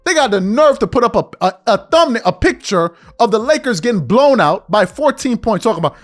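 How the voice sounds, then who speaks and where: A man's voice: high-pitched, fairly quick, soft background music. A man hosting a podcast, delivering a heated, confrontational sports commentary rant and calling his listeners out. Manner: animated, confrontational, mocking, calls listeners out. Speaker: podcast host.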